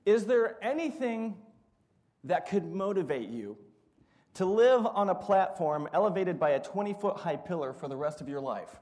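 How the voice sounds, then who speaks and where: A man's voice: high voice, expressive, moderate pace, a little mellow. A middle-aged man preaching a sermon, telling funny stories and acting out what people said. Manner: storytelling, humorous, acts out quotes. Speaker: pastor.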